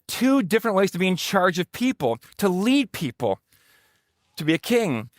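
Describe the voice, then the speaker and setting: A man's voice: high voice, very animated, normal speed, no echo, clean studio sound. A man preaching a sermon as pastor, emphatic and repeating his phrases for effect.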